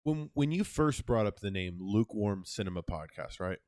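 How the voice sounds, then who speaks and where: A young man co-hosting a casual podcast, telling a story in a profane, animated way. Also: lowish voice, normal speed, a crowd in the background. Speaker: podcast co-host.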